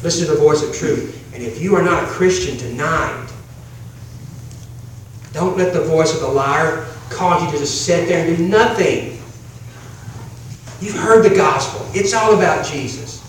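High-voiced preacher in an echoey church. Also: male voice, a little slow, pauses often, a little hiss or hum. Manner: pleading, repetitive, swings between hushed and emphatic. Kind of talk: evangelistic sermon. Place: church sanctuary. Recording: very echoey, from a distance.

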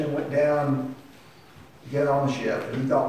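A man's voice: medium pitch, little pitch movement, moderate pace, long pauses, a little mellow. Man, preacher, sermon, emphatic rises, distant mic, faint room hiss. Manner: impassioned, rising to emphatic peaks. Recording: echoey hall heard from a distance.

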